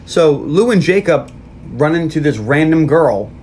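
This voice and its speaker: A man podcast host recapping a movie in casual chat, joking and tossing in quick acted quotes. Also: a little high, expressive, darkish tone, a little hiss or hum.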